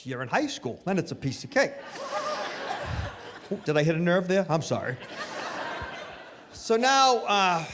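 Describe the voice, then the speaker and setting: Animated man doing stand-up on stage. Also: sits high. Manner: animated storytelling, punchy delivery. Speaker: stand-up comedian. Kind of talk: stand-up comedy set. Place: comedy stage before an audience. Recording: live hall with reverb, faint noise.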